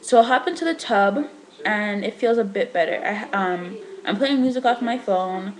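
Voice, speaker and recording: A young woman talks straight to her camera in a casual, chatty vlog. Her voice sits at an ordinary middle pitch, and she tells her story in an animated way, scattering "like" and "um" through it. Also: moderate pace, poor audio. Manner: chatty, animated, frequent "like" fillers. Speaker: vlogger.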